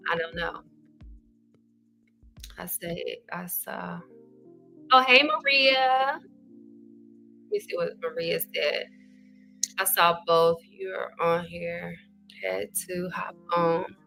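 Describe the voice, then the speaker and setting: A woman from Arkansas hosting a casual livestream, chatting with viewers and reading their comments aloud in a folksy, animated way. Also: fairly low pitch, drawn-out words, vocal fry, long pauses, faint music behind. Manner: animated, folksy, says y'all. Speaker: livestream host.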